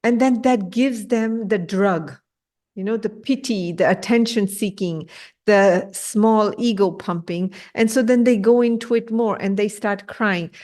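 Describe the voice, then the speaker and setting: A woman teaching an online scripture class, lively and direct, acting out the voices she quotes and checking in with her listeners. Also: mid-range voice, a little slow. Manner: animated, acts out quoted voices, asks listeners "yes?". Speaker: spiritual teacher. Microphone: video call.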